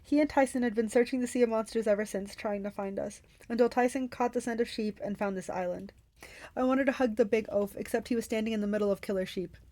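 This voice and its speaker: A woman hosting a book club, reading a novel aloud expressively with quick self-corrections. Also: fairly high pitch, fairly even intonation, dark tone, dry recording.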